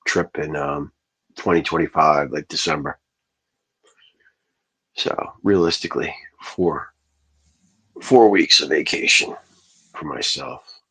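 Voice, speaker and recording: A man with a very deep, husky voice rants on a livestream, swearing freely. He rambles from one thought to the next and keeps answering his chat. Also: fairly bright tone, poor audio. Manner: profane, rambling, talks back to chat. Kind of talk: casual livestream rant to chat.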